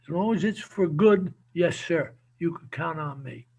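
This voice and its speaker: Husky high-voiced older New man. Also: a little slow. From New Jersey. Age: 70s. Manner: animated, repeats words, lively storyteller. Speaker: guest, former football coach. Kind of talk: casual storytelling interview.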